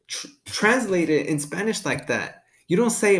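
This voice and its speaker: A man's voice: a little high, sing-song, a little slow, few pauses, a bit bright. Laid-back profane young man podcasting. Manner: profane, laid-back, says "dude" a lot, laughs often. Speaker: podcast host. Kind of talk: casual chat.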